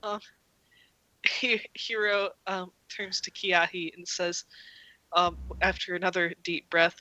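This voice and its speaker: A woman player narrating her character's actions in a tabletop game, halting, with many ums and restarts. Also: fairly low pitch, fairly even intonation, sharp tone, no echo, low-quality recording. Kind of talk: casual tabletop game play.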